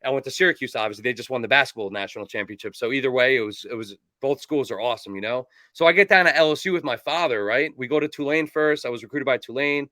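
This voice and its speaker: A man in his forties from New Jersey rattles off his stories at a quick clip, rambling and animated and full of fillers. His voice is bright and forceful, recorded close and dry. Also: mid-range voice, dry recording. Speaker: kicking coach and guest. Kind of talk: casual storytelling in an interview.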